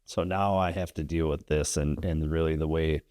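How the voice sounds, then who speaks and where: A man's voice: very deep voice, fairly even intonation, normal speed, darkish tone, dry recording, studio quality. A man, a landlord and investor guest, telling a story in casual podcast chat, rambling and tagging sentences with "right?".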